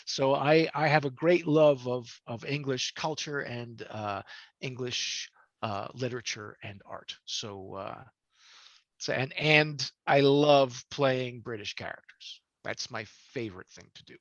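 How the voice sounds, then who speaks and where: A man's voice: mid-range voice, a little slow, fairly bright tone, dry recording, lo-fi sound. An older man, a voice actor, chatting animatedly about his work in an interview. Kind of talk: interview storytelling.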